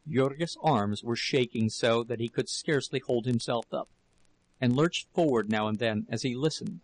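A man narrating a classic novel as an audiobook, in a measured, deliberate reading. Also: medium pitch, vocal fry, poor audio.

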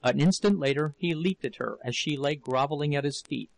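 A man narrating a novel as an audiobook in a measured, dramatic storytelling manner. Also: on the high side, gravelly, no echo, rough recording.

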